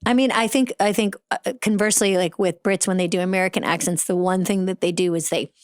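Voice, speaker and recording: A woman in her fifties with a Boston accent, hosting a casual interview chat, chatty and quick to laugh, recorded close on a studio mic. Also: on the low side, fairly even intonation, clean tone, no echo. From Boston area. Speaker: podcast host.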